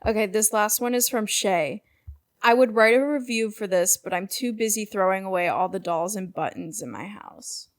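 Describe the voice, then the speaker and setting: A woman's voice: medium pitch, moderate pace. A young woman co-hosting a podcast, laid-back with dry jokes in casual chat. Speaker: podcast co-host.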